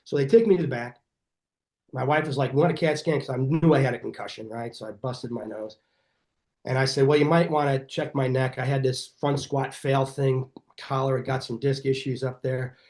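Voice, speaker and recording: A middle-aged man, a chiropractor being interviewed on a podcast, telling stories in an energetic, animated way and acting out what people said. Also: medium pitch, moderate pace. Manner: energetic, animated storyteller who acts out quoted dialogue. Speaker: chiropractor guest.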